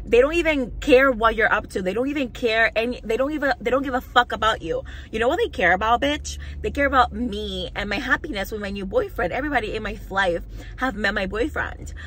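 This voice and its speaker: A woman's voice: a little high, fairly quick, a bit bright, a little hiss or hum, rough recording. A young woman vlogger telling a storytime rant to camera, heated, mocking and full of swearing.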